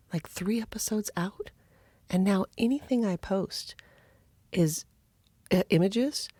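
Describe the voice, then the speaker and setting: A woman's voice: mid-range voice, darkish tone, no echo. A woman hosting her own podcast in a chatty, friendly way, her voice froggy from just waking up. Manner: chatty and friendly, with little laughs. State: froggy morning voice. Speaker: podcast host. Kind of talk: casual podcast talk.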